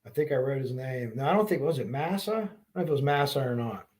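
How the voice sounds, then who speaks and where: A man's voice: medium pitch, animated, fast, darkish tone, slightly rough. A man hosting a true crime livestream, chatting casually and rambling as he reacts to viewer comments.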